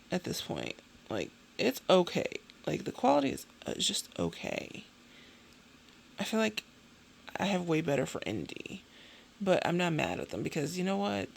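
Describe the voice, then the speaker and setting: A woman in her thirties chatting casually as a beauty vlogger, animated and ranting, often tagging her points with "okay?". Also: fairly low pitch, gravelly, a little hiss or hum. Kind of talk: casual chat.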